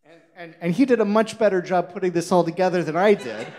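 A man telling a children's sermon story, animated, putting questions to his young listeners. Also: sits high, fast talker, some chatter behind. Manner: animated, asks the audience questions.

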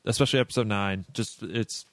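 A man's voice: fairly low pitch, fairly even intonation, no echo. Chatty man hosting, dry sound. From Boston area. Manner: chatty, halting, lots of fillers. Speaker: podcast host. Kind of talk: casual chat.

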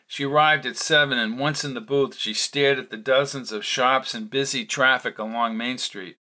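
A man reading a novel aloud as narrator, in a steady storytelling manner. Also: mid-range voice, moderate pace. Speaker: audiobook narrator. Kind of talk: scripted narration.

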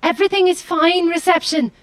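A woman voicing a flustered, deadpan hologram ship doctor in an audio comedy. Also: very high voice, a little fast.

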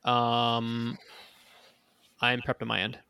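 A man running a tabletop game, narrating and explaining the rules in a loose, rambling way. His voice is bright and forceful, recorded close and dry. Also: mid-range voice, completely flat delivery, slow pace, vocal fry, clear, resonant tone, no room sound. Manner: casual, rambling with fillers. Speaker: game master.

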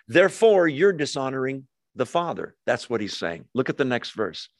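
A man gives a sermon at an ordinary mid pitch, walking through scripture in a loose, conversational way. He asks the room questions and answers them himself. The sound is dry and close, with little room around it. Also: lively intonation, measured pace, hardly any pauses, dry recording. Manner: conversational Bible teaching with rhetorical questions and asides. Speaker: pastor.

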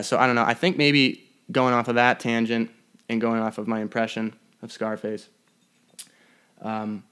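A man's voice: mid-range voice, fairly bright tone. A young man hosting a podcast alone, rambling in a profane, mock-threatening way. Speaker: podcast host. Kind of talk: casual solo podcast rant. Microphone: podcast mic.

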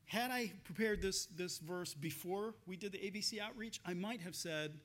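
A man's voice: sits high, moderate pace, fairly bright tone. A man pastor giving a conversational sermon, telling stories with frequent laughs and restarts.

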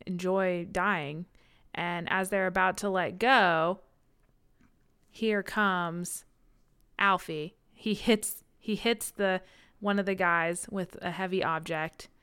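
Woman with a smooth voice, sarcastic and laughing. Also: lowish voice, steady tone, slow pace, sharp tone. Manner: laughing, sarcastic, retells plot with quoted voices. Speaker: podcast co-host. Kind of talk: casual book podcast chat.

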